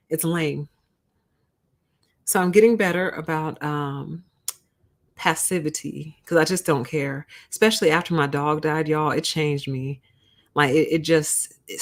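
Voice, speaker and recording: A young adult woman hosting a casual livestream, talking bluntly and candidly, laughing often and acting out what she said to others. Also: sits low. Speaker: livestream host.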